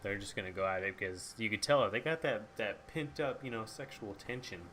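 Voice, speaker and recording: Young male vlogger, lower voice, loose and profane, faint background hum. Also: bright, forceful tone. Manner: casual, swears freely, lots of fillers; acts out characters' lines in quick asides. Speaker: book reviewer. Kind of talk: casual book and movie review.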